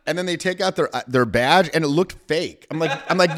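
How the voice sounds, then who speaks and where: Animated American man telling stories. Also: fairly high pitch, fast, few pauses. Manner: animated, swears freely, acts out voices while laughing. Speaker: guest, dating coach. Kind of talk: casual podcast storytelling.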